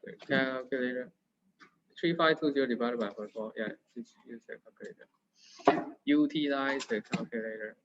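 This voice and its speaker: A man's voice: medium pitch, normal speed, fairly bright tone, slight background noise. A man with a Singaporean English accent, tutoring math in a casual, playful, teasing way. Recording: dull lo-fi sound.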